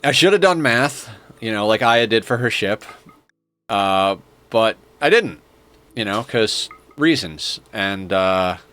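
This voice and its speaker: Male streamer, lower voice, morning-groggy, rambling and enthusiastic, casual gameplay commentary. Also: animated, slow, fairly bright tone, smooth, faint music behind. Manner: rambling, enthusiastic, lots of fillers.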